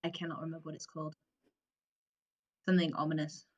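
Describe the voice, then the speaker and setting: A woman from England co-hosting a podcast, telling an animated story with plenty of laughter and quoted voices. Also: sits low, fast. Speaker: podcast co-host. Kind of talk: casual chat, storytelling.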